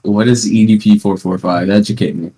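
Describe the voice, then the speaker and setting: Teen male podcast host, lowish voice, rambling, sarcastic, casual chat. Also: fairly even intonation, brisk, warm tone. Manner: rambling storytelling with playful sarcasm. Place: at home.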